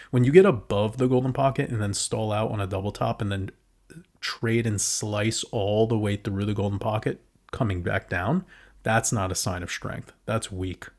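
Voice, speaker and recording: A man with a lowish voice walks through price charts in loose, unscripted commentary. He swears freely and breaks into excited outbursts as he talks. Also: normal speed. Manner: casual and profane, with excited outbursts. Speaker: crypto market commentator. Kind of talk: casual chart analysis commentary.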